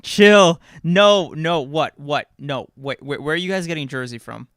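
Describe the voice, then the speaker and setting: A man's voice: a little high, a little slow, a bit bright, clear, resonant tone, no echo, clean studio sound. A man co-hosting a podcast, chatting casually with a lot of swearing and stammered repeats. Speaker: podcast co-host. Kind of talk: casual chat reacting to live chat.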